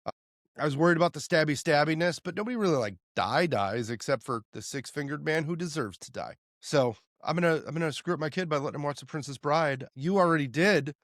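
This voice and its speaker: A man's voice: a little high, animated, fast talker, fairly bright tone, no echo, studio quality. A man co-hosting a podcast, chatting playfully about a movie, quoting lines and trailing off into restarts. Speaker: podcast co-host. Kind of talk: casual movie-review chat.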